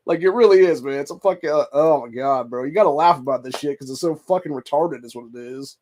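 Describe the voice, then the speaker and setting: A man's voice: fairly high pitch, expressive, a little fast, a little mellow, slight background noise. A man hosting a political commentary show, reacting to clips with a profane, contemptuous rant. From United States. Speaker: host.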